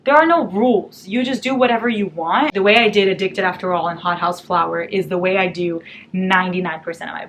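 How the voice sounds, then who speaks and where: A woman's voice: on the low side, a bit bright, slight background noise. A woman book vlogger chatting casually to camera, gushing and swearing freely as she reads quotes aloud.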